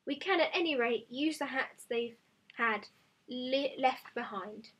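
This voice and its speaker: Storybook villager, matter-of-fact and husky, read by a woman. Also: high voice, a little slow, a bit bright, exaggerated voice. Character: storybook character Bong, a villager.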